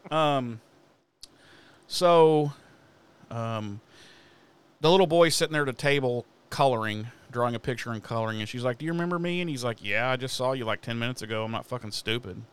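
A man retells a TV episode in loose, profane chat, jumping into the characters' lines as he goes. His voice is smooth and clear, at an ordinary pitch for a man. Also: brisk. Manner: animated, swears a lot, acts out characters' lines. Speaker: podcast co-host recapping an episode. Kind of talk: casual profane recap chat.

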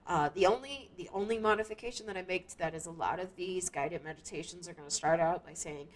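Rambling woman with a lowish voice. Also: quick pace, slight background noise. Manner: rambling, many restarts and fillers, laughs at herself. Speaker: podcast host. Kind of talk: casual monologue.

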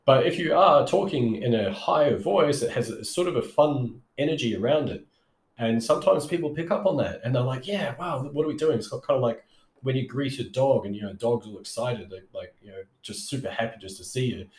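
A man's voice: lively intonation, fairly quick, roomy sound. A man giving casual sales-call advice, talking loosely with many fillers and restarts, and showing off different speaking tones. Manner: conversational, rambling with frequent fillers and self-corrections; demonstrates vocal tones with shifts in pitch. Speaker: sales coach.

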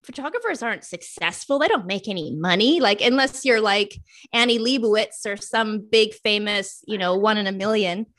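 A woman's voice: medium pitch, lively intonation, moderate pace, fairly bright tone, no room sound. A young adult woman, a guest in a casual interview, telling her own story and acting out past thoughts and friends' lines.

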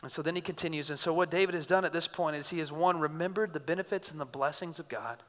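A man in his thirties preaching a sermon in an earnest, conversational way, shifting between loud bursts and quiet intensity. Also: fairly high pitch, fast talker. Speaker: pastor. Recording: reverberant hall.

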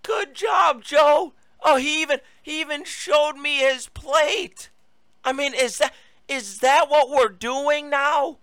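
A man's voice: very high voice, slow pace, fairly bright tone, no echo, voice pushed up, exaggerated voice. A man putting on a mocking, gushing sing-song voice, like someone praising a toddler. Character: man cooing at a grown man as if he were a toddler.

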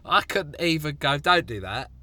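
Co-host, teasing questioner, bright animated voice, dry close mic. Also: male voice, a little high, no room sound. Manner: teasing, quick questions, breaks into laughter. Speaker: podcast co-host. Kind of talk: casual podcast banter.

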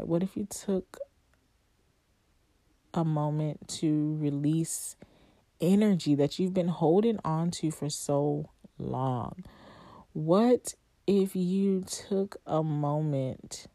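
Woman host, deep mellow voice, unhurried reflective monologue, dry close sound. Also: no room sound. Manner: heartfelt, conversational, with long pauses and rhetorical questions. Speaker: podcast host. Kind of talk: reflective solo podcast monologue.

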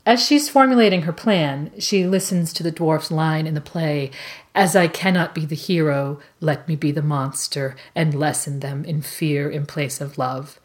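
A woman with a notably low voice discussing a book on a podcast. She speaks in a measured, thoughtful way and pauses now and then with small fillers. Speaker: podcast co-host.

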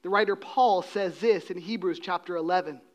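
A man preaching a sermon, swinging between loud, emphatic lines and hushed, quiet drops. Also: sits high, normal speed. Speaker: pastor.

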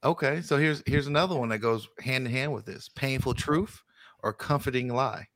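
A man hosting a casual chat show, reading out this-or-that questions in a relaxed way. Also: medium pitch, moderate pace. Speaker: host.

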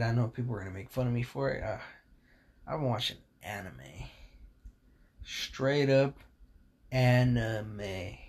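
A man's voice: medium pitch, a little mellow. A young man hosting a casual podcast, talking in a blunt, rambling and profane way, full of fillers, with a sore voice. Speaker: podcast host.

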